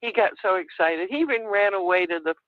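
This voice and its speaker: An older woman calling in to a radio show, earnestly telling a personal story and acting out her child's lines in a higher voice. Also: lively intonation, fairly quick, dry recording. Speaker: caller. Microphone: telephone. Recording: tinny dry phone line.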